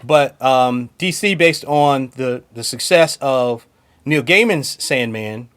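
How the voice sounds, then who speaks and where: A man's voice: medium pitch, takes it slowly, fairly bright tone, clean tone. A man co-hosting a podcast in casual chat, talking enthusiastically and often laughing between points. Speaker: podcast co-host.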